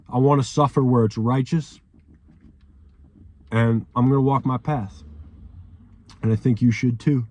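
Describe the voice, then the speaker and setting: A man's voice: mid-range voice, warm tone, no room sound. A young man giving an emotional, profanity-laced motivational monologue, often ending sentences with "man", with repeated phrases. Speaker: vlogger.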